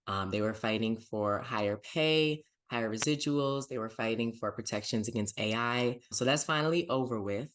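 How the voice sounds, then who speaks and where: A man's voice: medium pitch, moderate pace, hardly any pauses, a bit bright, slight background noise. A man hosting a pop culture podcast, chatting upbeat and casual about TV and plugging his pages. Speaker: podcast host.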